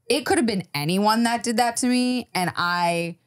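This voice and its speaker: A woman telling a personal story as a podcast guest in casual chat, animated and swearing freely. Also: fairly high pitch, normal speed, clean tone, no echo, studio quality.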